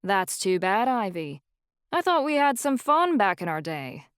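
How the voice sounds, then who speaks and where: A woman's voice: medium pitch, sing-song, measured pace, clear, resonant tone, dry recording, studio quality. A woman playing a cocky young male vampire with a faint Irish lilt. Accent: slight Irish. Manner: brash and teasing.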